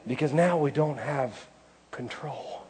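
A man's voice: mid-range voice, slow, crowd noise. A male preacher delivering a sermon in a rhythmic cadence with repeated phrases.

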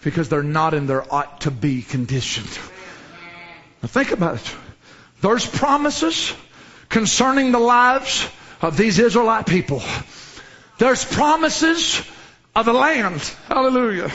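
A man preaching a sermon with fervour, rising into shouts and dropping to low, quiet lines. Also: very animated, slow pace, long pauses, muffled recording. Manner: fervent preaching, swinging from shouts to low murmurs.

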